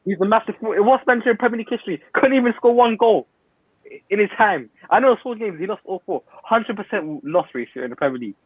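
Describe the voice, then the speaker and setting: A young man, a guest pundit in heated football banter, ranting loudly and with strong opinions. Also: high voice, expressive, slightly rough. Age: young adult. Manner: loud, ranting, opinionated, quick asides. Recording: tinny dry phone-line audio.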